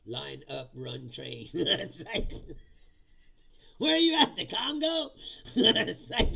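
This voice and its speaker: The host of a live politics comedy stream reads chat, jokes profanely at commenters' expense and laughs a lot. His voice is on the high side, husky and sharp with vocal fry. Audio quality is dull and lo-fi.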